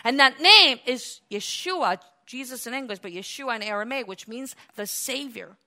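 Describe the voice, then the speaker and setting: A woman delivers a sermon in a bright, ringing voice that sits a little high. She is emphatic, climbing to loud, passionate peaks before dropping back into quieter explanation. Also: lively intonation, normal speed, hardly any pauses. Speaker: preacher.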